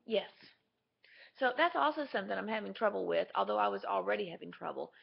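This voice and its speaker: A woman's voice: medium pitch, animated, fast, creaky, slightly rough. A woman talking candidly and chattily to camera in a casual video diary. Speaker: vlogger. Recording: dull lo-fi camera audio.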